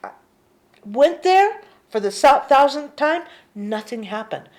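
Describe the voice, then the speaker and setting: A woman giving a gentle spiritual teaching talk, unhurried and often sinking to a hushed near-whisper. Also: high voice, big pitch swings.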